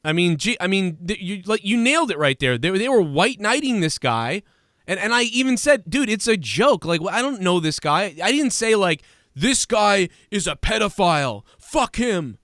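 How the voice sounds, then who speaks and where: A man's voice: high voice, big pitch swings, normal speed, fairly bright tone, dry recording, studio quality. A man in his thirties hosting a podcast, ranting in casual chat with lots of swearing and mimicking other people's words. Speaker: podcast host.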